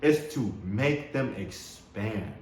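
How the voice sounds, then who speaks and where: Taking it slowly, a host with a fairly low, expressive voice leads a spiritual self-help talk. He's enthusiastic, often repeating words and laughing, and the room echoes with faint noise in the background.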